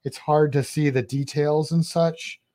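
Rambling relaxed male co-host. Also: on the high side, measured pace. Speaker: podcast co-host. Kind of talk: casual chat.

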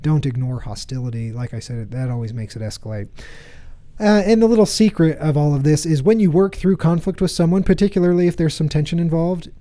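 Brief: man in his 30s, warm and mellow, speaking earnestly to a live audience, conversational and repetitive. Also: on the high side, steady tone, a little fast. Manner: earnest, conversational, repeats himself. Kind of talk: motivational talk with personal stories.

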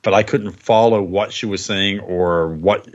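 Low-voiced man, husky, podcast co-host, muffled lo-fi audio. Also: fairly even intonation, measured pace. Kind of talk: casual podcast chat.

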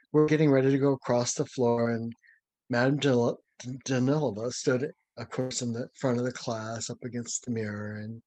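A man's voice: mid-range voice, dry recording. Older man, dry close voice, telling stories. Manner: lively, dramatic storyteller. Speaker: interview guest, former ballet dancer. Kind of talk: anecdotal storytelling.

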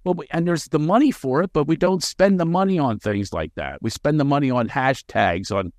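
A man talking as a podcast guest, animated and quick with sarcastic jokes. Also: on the high side, dry recording, studio quality. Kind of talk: podcast interview conversation.

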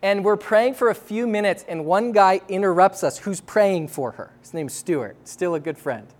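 Animated man telling a story, slightly high. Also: normal speed. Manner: casual, lots of "like", laughs between phrases. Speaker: speaker sharing a testimony.

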